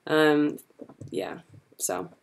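A woman's voice: low-pitched, little pitch movement, extremely slow, vocal fry. A young woman hosting a casual livestream Q&A, chatty and giggly as she answers fan questions. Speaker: livestream host.

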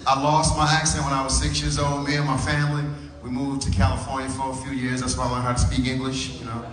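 A man in his thirties from New Orleans, doing a stand-up comedy set with animated storytelling and drawling asides to the crowd. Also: medium pitch, quick pace. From New Orleans, USA. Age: 30s. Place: large church hall. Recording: echoey hall, picked up from far off.

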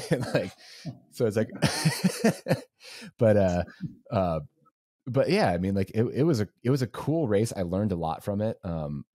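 A man's voice: on the low side, very animated, a little slow, warm tone, dry recording, studio quality. A young man co-hosting a podcast, telling a race story casually and rambling with lots of fillers. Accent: Southern US. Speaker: podcast co-host.

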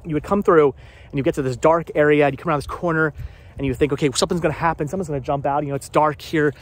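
A man with a slightly raised pitch talks casually to his viewers as he walks outdoors. His delivery is rambling and chatty, full of asides and questions for the audience. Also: steady tone, very fast. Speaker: vlogger. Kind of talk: casual walking vlog. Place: outdoors on a hilly tree farm.

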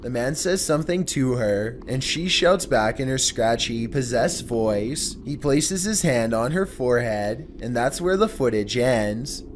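A man giving scripted narration in a measured, steady storytelling delivery. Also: mid-range voice, slight background noise.

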